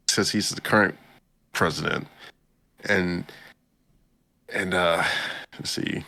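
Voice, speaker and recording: Recapping an anime on a podcast, this co-host talks casually in a deep, gravelly voice with a bright and forceful edge. His storytelling is animated, and he often jumps into brief character impressions, pitching their lines higher.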